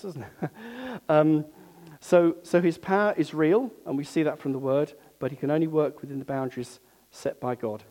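A man's voice: on the high side, mellow. A man preaching a sermon to his congregation in an earnest, conversational way, with asides to the listeners.

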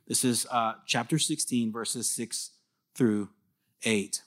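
A man's voice: mid-range voice, slow. A man, a pastor, preaching a conversational sermon, acting out little quoted exchanges as he teaches. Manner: animated, conversational, acts out quoted voices.

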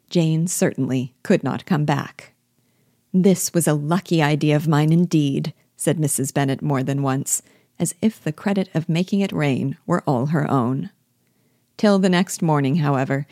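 A woman reading a classic novel aloud in a measured, clear storytelling manner, lightly shading the characters' lines. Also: low-pitched, mellow, dry recording, clean studio sound. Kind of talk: audiobook-style literary reading.

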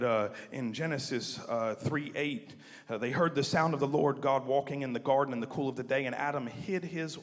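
A man preaching a sermon, shifting from quiet asides to loud emphasis and leading the congregation to repeat lines after him. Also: mid-range voice. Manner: building from quiet asides to near-shouted emphasis; leads the congregation in call-and-response. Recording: long hall reverb.

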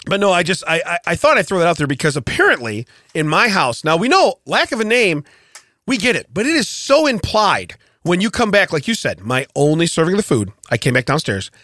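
A man co-hosting a podcast, telling a story in casual chat with animated, repetitive emphasis. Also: sits high, a little fast, no echo, clean studio sound. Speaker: podcast co-host.

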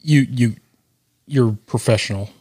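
Animated man laughing on a casual podcast. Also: medium pitch, a little slow, breathy edge. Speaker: podcast co-host and editor. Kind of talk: casual chat. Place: cigar shop, indoors.

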